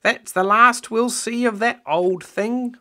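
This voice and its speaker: Dad doing a squeaky bossy granny voice for a storybook, loud and fussy. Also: male voice, takes it slowly, full character voice. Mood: satisfied. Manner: exasperated, emphatic. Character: fussy bossy elderly grandma.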